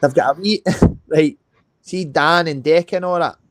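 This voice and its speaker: A man with a Scottish accent, a guest on a live stream, chats casually on a live call in a slightly high, slightly slow voice, captured in a dry recording. He talks heatedly, swears a lot, and tags his lines with "mate" and "know what I mean."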